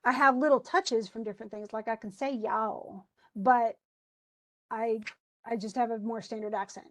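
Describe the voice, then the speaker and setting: An American woman teacher with a general American accent, giving an animated, chatty lecture with casual asides. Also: a little high, moderate pace. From United States. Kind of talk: classroom lecture on a play.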